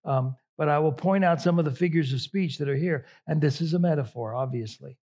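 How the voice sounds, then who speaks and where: A man's voice: a little high, fairly quick, darkish tone, husky. A man preaching a sermon as a pastor, conversational and emphatic, drawing out key phrases.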